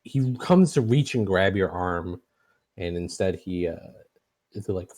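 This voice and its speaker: A man narrating a tabletop game as game master, in a halting way with many fillers and restarts. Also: low-pitched, animated, a little mellow.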